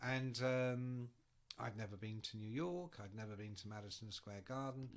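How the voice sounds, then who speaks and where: A man's voice: medium pitch, normal speed. A man telling rambling road anecdotes in casual chat, swearing freely as a podcast guest.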